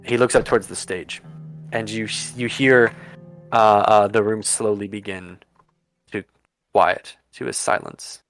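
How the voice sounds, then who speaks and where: A man's voice: on the low side, fairly even intonation, measured pace, a bit bright, faint music behind. A man narrating a tabletop game as game master and voicing its characters, with many fillers and restarts.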